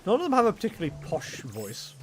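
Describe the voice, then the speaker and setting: A man's voice: sits high, huge pitch swings, fast talker, a bit bright, soft background music. A man chatting casually and rambling with self-mocking humor while livestreaming a game. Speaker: streamer. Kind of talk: casual gameplay livestream chat.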